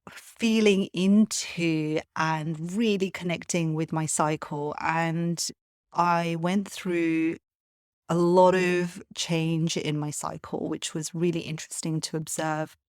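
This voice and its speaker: A woman hosting a solo podcast, talking in an earnest, confiding way with soft laughs. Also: low-pitched, fairly even intonation, slow, dry recording, clean studio sound. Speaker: podcast host.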